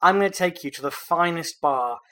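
A man's voice: a little high, moderate pace, a bit bright. A man from England hosting a podcast, trading dry, joking banter. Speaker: podcast host. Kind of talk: casual comedic chat.

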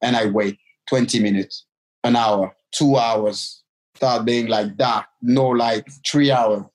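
A man, telling a personal story in a halting, casual way with many restarts. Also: mid-range voice, steady tone, low-quality recording. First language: French. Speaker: guest telling his life story.

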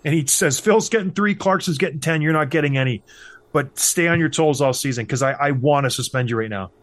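A man's voice: fairly high pitch, a little fast, a bit bright, no echo. A man in his thirties telling a hockey story in casual chat, acting out the voices of the people he quotes. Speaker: podcast host, former hockey player.

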